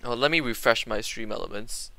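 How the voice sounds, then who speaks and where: A man's voice: mid-range voice, a little fast, creaky, bright, forceful tone, dry recording. A young man streaming a frustrating game, chatting casually to viewers, rambling and groaning, with game music behind him. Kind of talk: casual gaming livestream chat.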